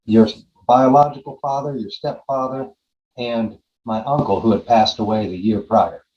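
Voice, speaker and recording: A man's voice: mid-range voice, fairly even intonation, normal speed, dull audio. A man in his forties, a podcast guest, earnestly telling a personal story and re-enacting his own side of a conversation. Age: 40s.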